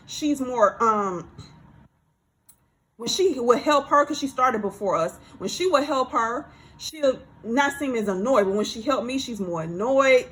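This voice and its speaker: A woman telling a workplace story in a casual storytime monologue, animated and repeating herself as she acts out what others said. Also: on the high side, rough recording.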